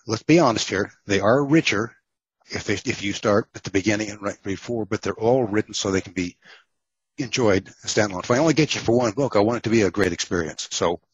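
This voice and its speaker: A man's voice: lowish voice, slightly rough, no echo, highs cut off. A man from Texas, an author telling stories in an interview, rambling with many fillers and restarts. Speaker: author guest. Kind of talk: casual storytelling interview.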